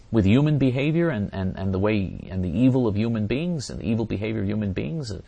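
Intense low-voiced man teaching religion. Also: animated, fairly quick, gravelly, warm tone, breathy edge, no echo. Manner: intense, repeats phrases, quotes voices dramatically. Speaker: religious teacher answering viewers.

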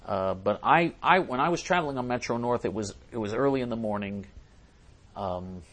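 A man's voice: mid-range voice, lively intonation, normal speed, a bit bright. A man hosting a talk show, reading listener messages aloud and answering them in an emphatic way, often repeating and restarting his phrases. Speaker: host.

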